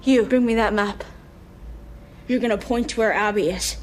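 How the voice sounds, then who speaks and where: A woman's voice: fairly even intonation, moderate pace, faint music behind, lightly acted. A woman playing a fierce young survivor. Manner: fierce, swearing, high-strung. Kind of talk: TV drama acting.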